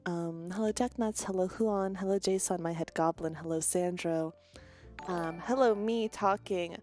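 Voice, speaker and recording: A woman streamer chatting casually with her viewers, with a deadpan delivery. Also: lowish voice, moderate pace. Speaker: VTuber streamer. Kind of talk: casual chat.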